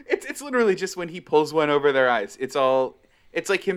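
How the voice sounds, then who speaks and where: A man's voice: fairly high pitch, big pitch swings, moderate pace, long pauses, clear, resonant tone. A man co-hosting a podcast in casual chat, giving blunt opinions in a wry, joking way. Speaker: podcast co-host.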